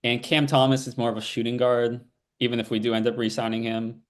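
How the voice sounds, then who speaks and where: A man's voice: mid-range voice, little pitch movement, brisk. A young man co-hosting a sibling podcast, chatting casually about his team and rambling through fillers. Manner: laid-back, rambling with fillers and restarts. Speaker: podcast co-host. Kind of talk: casual sports chat.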